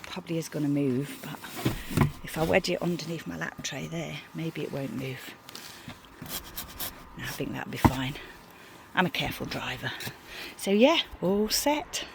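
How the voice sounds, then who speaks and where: A woman's voice: low voice, expressive, normal speed, gravelly, noisy background. A middle-aged woman from the UK vlogging about packing her campervan, chatting along and cooing at her dogs in a sing-song voice. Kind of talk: casual vlog narration. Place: beside her campervan, outdoors.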